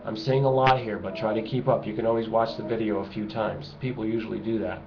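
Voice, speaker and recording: This vlogger speaks quickly in a steady, lowish voice, ranting at the camera with heavy sarcasm and emphasis and saying things again to drive them home. It's captured as a noisy, dull lo-fi recording at home.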